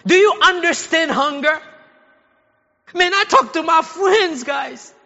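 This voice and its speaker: High, bright-voiced male pastor preaching in an echoey hall. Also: takes it slowly, vocal fry, lo-fi sound. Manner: conversational preaching, rising to shouted exhortation. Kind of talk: sermon. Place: church sanctuary.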